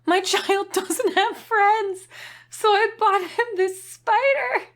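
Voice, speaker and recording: A woman voicing a glum father reading out his product review in a slow, mournful deadpan. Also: high voice.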